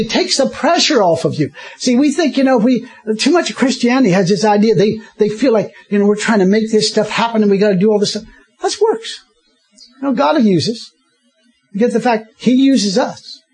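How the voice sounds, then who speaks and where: A man preaches a sermon in a high, somewhat dark, husky voice. He chuckles often, breaks in with hallelujahs, and repeats himself.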